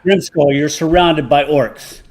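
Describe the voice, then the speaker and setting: A man's voice: on the high side, measured pace, darkish tone. A man co-hosting a casual comedy podcast, egging his friends on. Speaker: podcast co-host.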